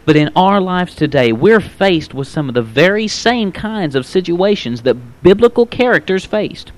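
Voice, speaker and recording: A man's voice: high-pitched, lively intonation, moderate pace. A man giving a pre-recorded radio sermon, earnest, often saying "my friend" and quoting scripture in old-fashioned wording. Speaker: radio preacher.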